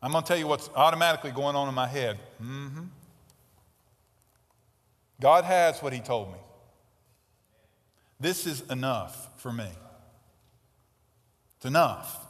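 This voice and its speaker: A man preaching a sermon as pastor, emphatic, with loud stresses and quiet asides. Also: mid-range voice, lively intonation, unhurried, long pauses, long reverb tail. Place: church sanctuary.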